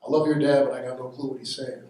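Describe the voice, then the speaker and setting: Comedian doing gruff film-star guy, blunt and amused, roomy live sound. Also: medium pitch, flat delivery, fast talker, heavy background noise, close to an everyday voice. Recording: echoey room from far off.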